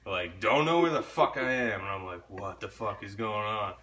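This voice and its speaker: Bright-voiced young man telling a story. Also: lowish voice, normal speed. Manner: laid-back, swears often, laughs through the story. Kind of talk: casual chat.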